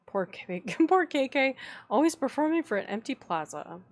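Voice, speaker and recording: At a normal speed and in a high voice, a woman streaming her game chats casually to herself and her audience. She sounds teasingly exasperated, drops jesting swear words, and jumps up into thrilled squeals.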